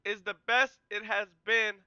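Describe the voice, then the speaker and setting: A man hosting a podcast, casually breaking down game film and walking through each play in a relaxed, conversational way. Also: high voice, moderate pace, clean tone, no room sound, dull audio. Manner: excitable, yells and cheers at big plays; explains plays in a relaxed, conversational way.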